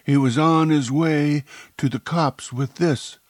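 A man voicing a rough male henchman who talks in a blunt, offhand way. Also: on the high side, fairly even intonation, takes it slowly, no echo, clean studio sound, pitched above the performer's own voice.

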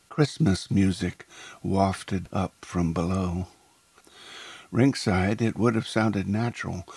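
A man narrating a first-person story in a measured, descriptive way. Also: low voice, gravelly, darkish tone, slightly rough, no room sound.

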